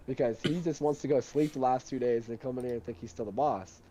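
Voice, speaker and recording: A young man tells a heated work story at a quick clip, swearing freely and getting animated. His voice is mellow and warm rather than bright. There is a faint hiss of background noise. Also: mid-range voice. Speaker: storyteller in a duo chat. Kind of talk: casual chat.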